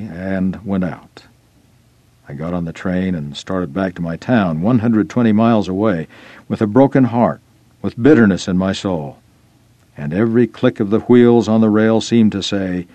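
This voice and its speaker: A man reading a first-person religious article aloud in an earnest, measured storytelling manner. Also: fairly low pitch, animated, dark tone, dry recording. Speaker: reader.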